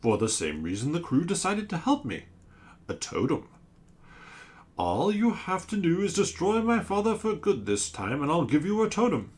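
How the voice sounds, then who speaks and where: A man voicing a giant male squid-like sea monster, speaking in a loud, theatrical, booming voice for a storybook game. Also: huge pitch swings, moderate pace.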